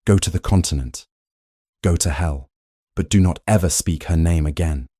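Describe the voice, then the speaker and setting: A commanding duke with a deep, low voice, forceful when angry and pleading when hurt, played by a male narrator. The recording is dry and close. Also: moderate pace, no echo. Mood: menacing. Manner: forceful, shouting then pleading. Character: powerful duke, furious, protective, commanding.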